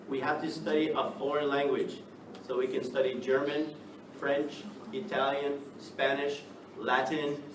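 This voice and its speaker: A man from the United States teaching an English class, lively and checking in with the students by asking "right?" again and again. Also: medium pitch. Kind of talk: classroom lecture. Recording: echoey classroom from far off, noisy.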